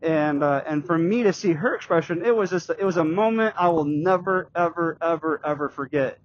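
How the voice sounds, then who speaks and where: A middle-aged man vlogging while riding a bike, telling a personal story in a halting, rambling way with many restarts and fillers. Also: fairly high pitch, dry recording, lo-fi sound. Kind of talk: casual storytelling vlog. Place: outdoors on a bike.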